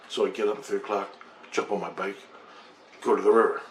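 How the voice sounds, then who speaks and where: A man's voice: lowish voice, steady tone, fairly quick. Intense, swearing middle-aged man in echoey room. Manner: profane, intense, meandering. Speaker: vlogger telling his own experience. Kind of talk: rambling personal storytelling. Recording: echoey room with faint background noise.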